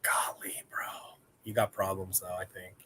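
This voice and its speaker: A man's voice: low voice, level tone, moderate pace, sharp tone, slight background noise. A man hosting a casual live-stream chat, rambling and joking with viewers. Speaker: host.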